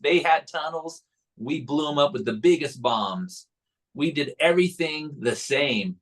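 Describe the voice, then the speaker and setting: A man in a political interview discussion, firm and measured as he argues his point. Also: medium pitch, a bit bright, low-quality recording.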